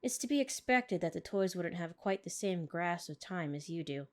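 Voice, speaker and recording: A woman's voice: on the low side, animated, normal speed. A woman playing through a story game, chatting casually and reading its text aloud with frequent giggles. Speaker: gaming YouTuber. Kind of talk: game playthrough with read-aloud narration.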